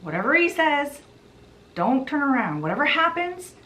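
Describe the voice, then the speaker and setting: A woman's voice: sits high, very animated, normal speed, pushed and bright, far from the mic, slight background noise, voice pushed up, exaggerated voice. An earnest young heroine pleading and warning with urgency in a storybook retelling, played by a woman. Her voice is lifted above an everyday tone. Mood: urgent. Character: determined young heroine on a quest.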